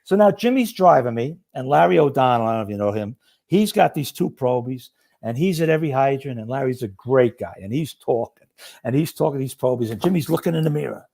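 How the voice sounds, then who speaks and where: Lively New man spinning yarns. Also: mid-range voice, fast, gravelly. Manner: animated, acts out the voices of the people in his stories. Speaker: retired fire lieutenant, podcast guest. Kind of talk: casual storytelling.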